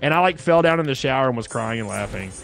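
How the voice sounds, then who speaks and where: A man's voice: mid-range voice, expressive, fast talker, gravelly, fairly bright tone, faint music behind. A man in his thirties rambling through a story in casual gaming chat, with lots of fillers. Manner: rambling storyteller full of fillers and acted quotes.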